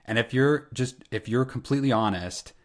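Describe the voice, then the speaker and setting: A man's voice: mid-range voice, normal speed. A man who is a coaching client, chatting in an agreeable, conversational way as a guest. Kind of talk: casual interview chat.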